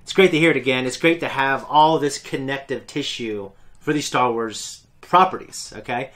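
Man, reaction host, casual fan commentary, rambling, enthusiastic, mid-pitched. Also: normal speed, a bit bright. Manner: rambling, enthusiastic, self-correcting.

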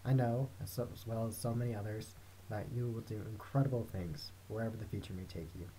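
A man's voice: lowish voice, fairly even intonation, fast, warm tone, a little hiss or hum. A teenage young man giving a casual recorded farewell message in an upbeat, easygoing way, with filler words. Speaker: student theater member closing the video.

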